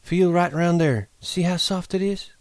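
Man putting on a coy, vain young wife on a ranch, high voice, dry sound. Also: unhurried, dry recording. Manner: coy, complacent.

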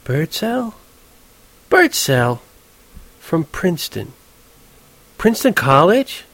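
A man's voice: a little high, very animated, moderate pace, no room sound, pitched above the performer's own voice. A man voicing a brash, irritable young woman on the phone who turns falsely gracious in an audiobook. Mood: warming up. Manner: snappish, turning falsely gracious. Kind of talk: audiobook character voice.

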